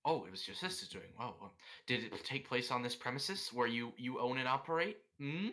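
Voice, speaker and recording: A furious adventurer fires off sarcastic legal threats in a put-on posh English accent, as a player puts him on. The voice is bright and swoops widely in pitch while he presses his accusations. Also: lively intonation. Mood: accusing. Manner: sarcastic, threatening, rapid-fire questions. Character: furious adventurer acting as a pushy lawyer.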